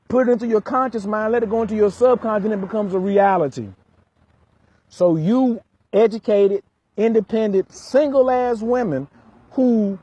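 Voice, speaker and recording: A man's voice: high-pitched, a little mellow, breathy edge, no room sound, lo-fi sound. A man working as a relationship coach, lecturing hard in an emphatic vlog rant full of street slang.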